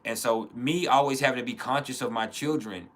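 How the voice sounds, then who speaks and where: A man in his thirties speaks in an earnest, blunt way, swearing freely and restarting his sentences as he goes. His voice is bright and forward, at a middle pitch for a man. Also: brisk. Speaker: podcast host. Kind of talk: casual spoken reflection.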